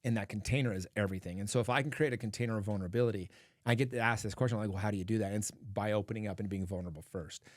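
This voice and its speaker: A man with a lowish voice talks earnestly as a podcast guest, telling stories about coaching men and often saying "like" as a filler. His voice sounds dry and close, with no room echo. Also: very fast. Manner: earnest, storytelling, frequent "like" fillers. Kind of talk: casual podcast conversation.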